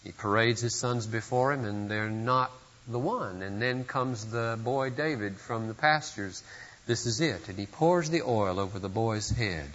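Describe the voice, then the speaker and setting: A man's voice: on the low side, unhurried, fairly bright tone, big-room sound, muffled recording. A man preaching a sermon at a church service, earnest and emphatic, pressing his points with sudden surges of force. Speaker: pastor.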